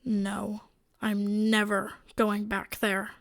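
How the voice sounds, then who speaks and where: A woman reading as a stubborn, playful ginger she-wolf in a storybook tale, speaking loudly and teasingly. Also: a little high, steady tone, measured pace. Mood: upset.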